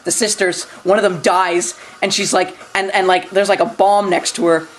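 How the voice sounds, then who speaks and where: This film reviewer, a young adult woman, has a mid-range voice and a level tone at normal speed. Her casual rant wanders with constant "like"s and restarts, free swearing, and bursts of laughter, all captured in low quality.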